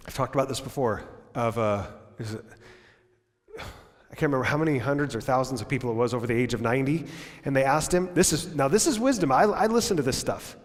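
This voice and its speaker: A man, the pastor, preaching a lively sermon in a church. He acts out bits of dialogue in raised voices and drops to low, quiet tones for emphasis. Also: quick pace. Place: church sanctuary. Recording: long church reverb.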